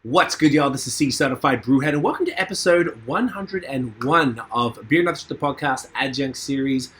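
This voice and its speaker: A man's voice: medium pitch, expressive, moderate pace, music in the background. A man hosting a podcast over a remote call, in loose casual chat full of fillers. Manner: loose and chatty, swears casually, many fillers. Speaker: podcast host. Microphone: remote call with a mute button.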